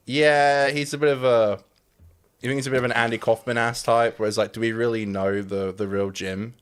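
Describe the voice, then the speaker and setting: A man's voice: mid-range voice, steady tone, a little fast, clean tone. An Australian man co-hosting a podcast, chatting loosely and joking while reacting to clips. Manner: loose, joking, talks over his co-host. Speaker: podcast co-host. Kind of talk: casual chat reacting to clips.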